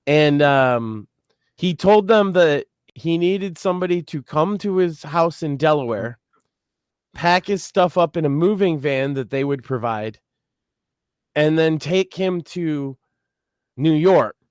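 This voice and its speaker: Guy on a podcast ranting hard, cussing a lot, kinda higher voice, dry close sound. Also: expressive, takes it slowly, smooth, no echo. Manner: ranting, emphatic, swearing. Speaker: podcast co-host. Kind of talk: casual chat.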